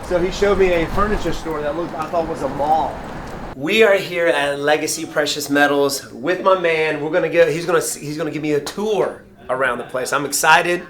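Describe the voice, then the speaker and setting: A man hosting a casual vlog tour, energetic and hyped, laughing often and calling people brother and man. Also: fairly high pitch, moderate pace, slight background noise. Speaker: vlog host. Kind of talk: casual upbeat vlog chat.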